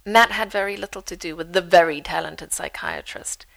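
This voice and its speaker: Lively woman reading her memoir. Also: lowish voice, fairly quick, gravelly, rough recording. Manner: lively storyteller, dry humor. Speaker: author.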